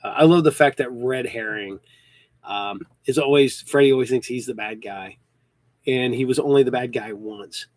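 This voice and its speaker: A man's voice: medium pitch, moderate pace, a little mellow, no echo. Rambling fifty-something man, dry sound. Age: 50s. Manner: rambling, with frequent ums and restarts. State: hiccuping. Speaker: podcast host. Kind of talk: casual chat.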